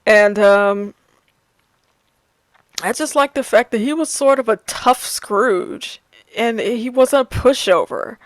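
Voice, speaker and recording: A woman's voice: on the high side, slow, pauses often, dry recording. A woman in her thirties chatting casually about her favorite films, laughing often and restarting her sentences. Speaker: movie reviewer. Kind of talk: casual movie review chat.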